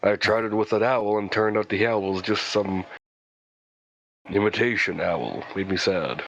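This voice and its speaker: A man's voice: lowish voice, unhurried, fairly bright tone, dull audio, a little hiss or hum. A man speaking earnestly in character at a tabletop role-playing game. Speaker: player.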